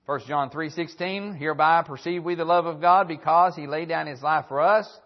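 A preacher man with a fairly high voice delivers a sermon, reading old-style scripture verses and repeating his key phrases. The sound is dull and lo-fi, like an old church broadcast. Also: normal speed.

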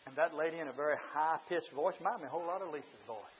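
A man preaching a sermon in church, swinging from shouting to quiet confiding talk. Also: fairly high pitch, lively intonation, very fast, lo-fi sound, slight background noise. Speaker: pastor.

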